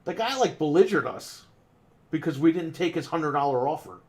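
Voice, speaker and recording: A man with a slightly high voice rants in a casual podcast chat. He is exasperated and swears freely. He acts out each side of an argument with customers at his shop. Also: lively intonation, moderate pace. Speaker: podcast co-host and game store owner. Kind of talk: casual ranting story.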